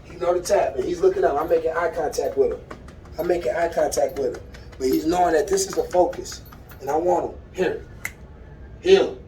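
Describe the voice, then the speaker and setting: A man who trains dogs, vlogging as he works with his puppy, talking straight to viewers and swinging from calm explaining to loud excited bursts. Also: on the high side, fairly quick, echoey room, far from the mic, slight background noise. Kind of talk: excited casual vlog while training a dog. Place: outdoors in a dog enclosure.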